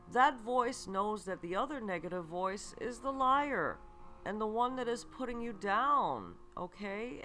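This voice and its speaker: A woman hosting a spiritual self-help podcast, speaking slowly and earnestly, asking the listener rhetorical questions and checking in with "okay". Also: mid-range voice, bright, forceful tone. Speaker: podcast host and psychic reader.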